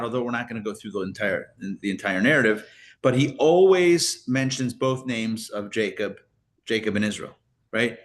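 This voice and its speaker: A man's voice: medium pitch, fairly bright tone. A man teaching a live Torah class as a rabbi, chatty and full of fillers and restarts, with joking asides.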